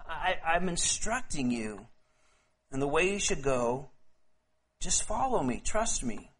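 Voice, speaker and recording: A man preaching a casual, conversational sermon, often repeating words as he goes and reading scripture slowly and deliberately. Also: fairly high pitch, big pitch swings, fairly bright tone, slightly rough.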